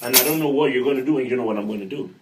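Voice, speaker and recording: A man's voice: medium pitch, very fast, far from the mic, low-quality recording. A man raised in Nigeria in a casual discussion, working through his point with hypotheticals.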